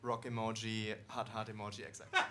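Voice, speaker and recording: A man from the audience, volunteered on stage, reading a text message aloud in a flat, deadpan way with a strong accent. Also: mid-range voice, brisk. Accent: strong regional accent. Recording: live stand-up room with audible noise.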